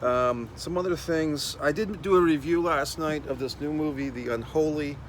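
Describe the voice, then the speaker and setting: A middle-aged man rambles through a casual outdoor rant, blunt and full of swearing. His voice sits somewhat high for a man. Faint traffic and street sounds run under him. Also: normal speed, rough recording. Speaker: host. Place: outdoors, walking in town.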